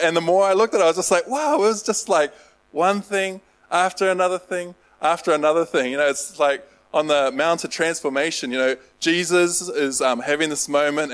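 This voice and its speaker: Guy giving a laid-back sermon, kinda high voice, rambles with lots of ums and jokes about himself. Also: low-quality recording. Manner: rambling, self-deprecating, lots of fillers. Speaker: pastor. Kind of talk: casual sermon with humor.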